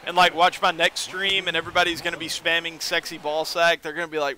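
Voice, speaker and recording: A young man casually commentating a baseball video game on a live stream, joking with his chat and getting excitable. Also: on the high side, fast talker, slight background noise.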